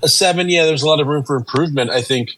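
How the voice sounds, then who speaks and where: A man's voice: on the high side, racing, a bit bright, rough recording. A man co-hosting a casual podcast from home on a video call, joking and chatty. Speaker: podcast co-host. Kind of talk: casual chat. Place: home room with family nearby.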